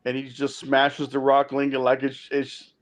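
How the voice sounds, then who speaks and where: A man's voice: medium pitch, completely flat delivery, moderate pace. A man in casual chat, hesitant and correcting himself with frequent fillers.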